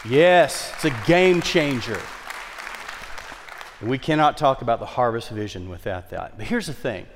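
A male pastor preaching a sermon with emphatic delivery and wide swings in pitch and loudness. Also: animated, unhurried, a faint crowd, a little hiss or hum. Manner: emphatic preaching, repeats key phrases, dynamic swings in pitch and volume. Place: large church worship center. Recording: long hall reverb.

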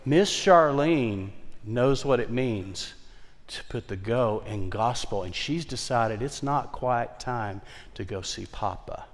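A man pastor with a Southern twang preaches with passion, his voice at a middle pitch. He rises into fired-up exhortation, then drops to a hushed storyteller's tone. The sound carries a long hall reverb. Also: expressive, takes it slowly. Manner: impassioned, shifts between loud exhortation and hushed storytelling. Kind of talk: sermon. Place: church sanctuary.

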